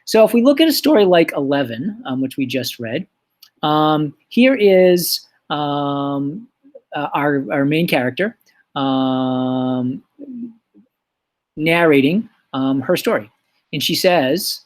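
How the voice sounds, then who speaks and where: A man teaching a recorded lesson, explaining things in a relaxed way with lots of fillers. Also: fairly high pitch, slow.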